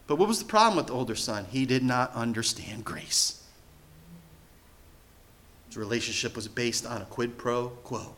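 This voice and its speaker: A man preaching a sermon as pastor, telling a story in an animated way. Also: mid-range voice, moderate pace, long pauses. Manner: animated storytelling, acting out quoted voices.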